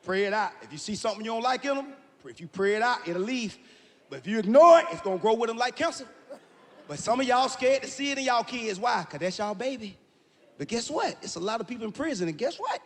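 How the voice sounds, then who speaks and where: A man doing a stand-up comedy set, telling stories loudly and shouting his punchlines. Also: very high-pitched, fast. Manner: loud, animated storytelling with shouted punchlines and acted-out quotes. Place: stage in a large hall with a live audience. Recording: live hall reverb, faint room noise.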